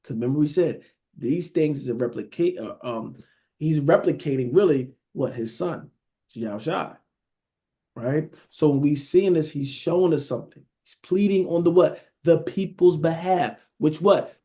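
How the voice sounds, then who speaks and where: A man's voice: fairly high pitch, moderate pace, mellow. Man preaching casually, checking in constantly. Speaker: Bible teacher. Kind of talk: sermon.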